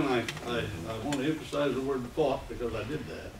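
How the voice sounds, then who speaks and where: A man in his eighties, from the United States, giving a rambling, halting public comment at a meeting. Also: mid-range voice, vocal fry. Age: 80s. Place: meeting room. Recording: echoey room, distant mic, noisy.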